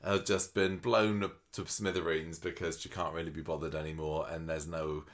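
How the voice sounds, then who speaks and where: A man's voice: very deep voice, little pitch movement, normal speed. A man co-hosting a podcast, chatting casually about soap episodes with wry asides and tag questions. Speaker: podcast co-host. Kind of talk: casual chat recapping a soap.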